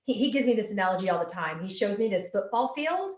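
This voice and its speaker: Woman, psychic medium, earnest, flowing delivery, repeats for emphasis, mid-pitched, echoey room. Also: sing-song, fast, a little mellow. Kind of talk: relaying channeled answers on a live Q&A.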